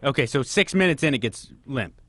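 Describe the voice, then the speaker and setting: A man's voice: medium pitch, expressive, fairly quick, fairly bright tone. A man hosting a call-in radio advice show, giving frank advice and firing off probing questions. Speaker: radio host.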